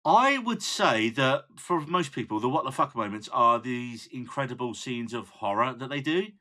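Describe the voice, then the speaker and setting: A man's voice: mid-range voice, animated, moderate pace, sharp tone. A man co-hosting a podcast in casual chat, blunt and opinionated. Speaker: podcast co-host.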